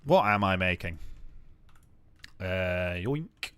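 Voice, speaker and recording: Low, unhurried man chatting while he builds. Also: lively intonation, fairly bright tone, no echo. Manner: rambling, joking self-talk with many fillers. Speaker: game developer streaming his work. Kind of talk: casual live-stream commentary while building.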